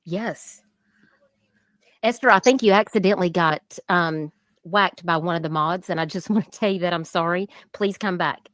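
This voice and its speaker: A woman's voice: on the low side, moderate pace, fairly bright tone, no echo. A woman co-hosting a casual livestream, talking to viewers in the chat by name. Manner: chatty, addresses viewers by name. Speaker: livestream co-host.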